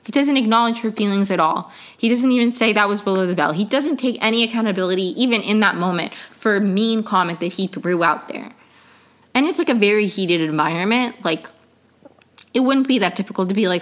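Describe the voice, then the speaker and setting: A young woman hosts her own podcast and rants through casual commentary. She sounds exasperated, swears freely and fills her sentences with likes and ums. Her voice sits in an ordinary middle pitch. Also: a little fast. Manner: exasperated, animated, swears, many fillers. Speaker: podcast host.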